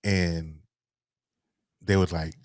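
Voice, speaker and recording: A middle-aged man, softly telling a personal story as a podcast guest, halting and restarting as he speaks. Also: low-pitched, steady tone, dry recording, studio quality. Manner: soft-spoken, halting, with repeated restarts.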